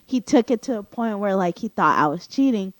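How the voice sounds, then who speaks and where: Lively young woman with a dry close sound. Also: medium pitch, fairly quick, no echo. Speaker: podcast guest. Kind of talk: casual chat.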